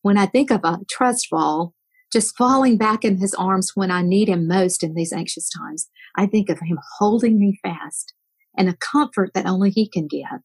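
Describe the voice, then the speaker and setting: An older woman giving an earnest Christian devotional talk, telling a story and often dropping her voice to a soft whisper at the end of a line. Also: mid-range voice, breathy edge. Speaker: guest speaker.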